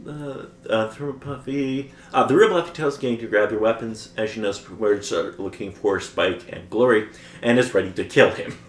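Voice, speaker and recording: A man's voice: fairly low pitch, a little fast, roomy sound. A man co-hosting a podcast, recapping a show's plot in casual chat and chuckling often as he goes. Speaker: podcast co-host recapping episodes.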